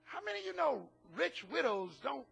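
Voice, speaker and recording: A man pastor preaching a sermon, animated and often shouting, with humorous asides. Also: very high voice, moderate pace, creaky, soft background music.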